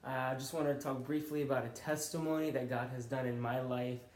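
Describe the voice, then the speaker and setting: A man's voice: medium pitch, fairly even intonation, brisk, a little mellow. A young man telling a personal faith testimony in an earnest, conversational way. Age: young adult. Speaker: college student and youth pastor. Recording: roomy echo.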